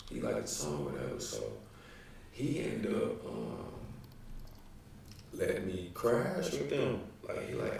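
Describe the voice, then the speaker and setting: Young Chicago man, deep and gravelly, rambling slangy storyteller, recorded far from the mic in a very echoey room. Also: a little mellow, slight background noise. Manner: loose, rambling, slangy, with many fillers. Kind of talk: casual storytelling.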